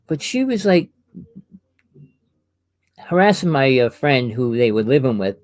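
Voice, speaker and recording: A man hosting a casual talk about experiences, telling long rambling stories in an animated way. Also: mid-range voice, a little slow. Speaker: host.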